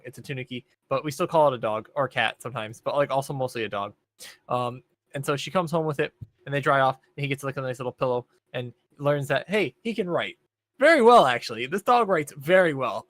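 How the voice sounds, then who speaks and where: A man's voice: mid-range voice, a bit bright, no echo. A young man on a podcast, casually recapping an anime in a rambling, laid-back way with plenty of fillers. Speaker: podcast co-host. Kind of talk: casual chat.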